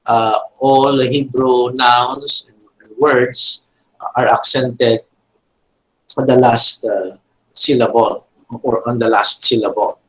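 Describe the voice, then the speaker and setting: A man teaching a Biblical Hebrew grammar lesson. He talks haltingly, with frequent fillers and self-corrections, and repeats key terms for emphasis. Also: mid-range voice, fairly even intonation, fairly bright tone, rough recording. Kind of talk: classroom grammar lecture.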